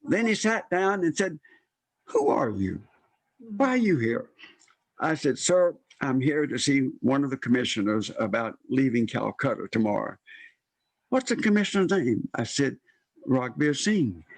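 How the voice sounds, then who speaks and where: An older man telling a personal story in an interview, animated and acting out the voices of people he quotes. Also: medium pitch, normal speed, dry recording. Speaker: guest storyteller.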